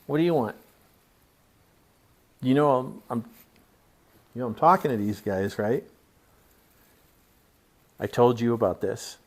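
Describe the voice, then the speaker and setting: A man from Pennsylvania hosts a casual unboxing vlog in a mid-pitched voice, neither high nor low for a man. He talks loosely and swears freely. He drifts into rambling asides as he goes. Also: slow, pauses often. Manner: scolds his pet mid-talk. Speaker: tattoo channel host.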